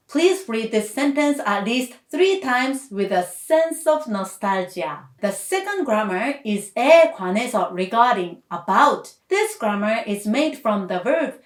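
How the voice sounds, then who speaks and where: A woman language teacher giving a scripted grammar lesson, explaining each point clearly and patiently. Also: fairly high pitch. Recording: echoey room.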